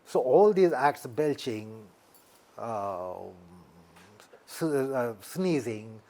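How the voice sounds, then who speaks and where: A man with an Indian English accent, a yoga teacher, explaining things deliberately in an interview and repeating his key points. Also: medium pitch, animated, warm tone.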